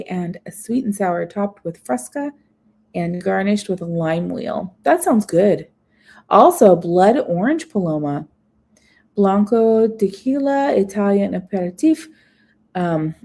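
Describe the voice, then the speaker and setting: A woman's voice: mid-range voice, warm tone. A woman vlogger chatting casually on a live stream, reading menu items aloud with small asides. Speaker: food vlogger.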